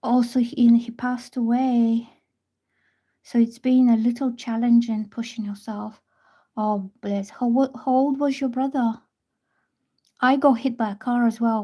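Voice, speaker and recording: A young woman in casual livestream chat, talking slowly and gently. Her voice sits a little high but sounds mellow and warm. She tells her story in a soft, hesitant way, often starting over mid-sentence. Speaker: tarot reader on a livestream.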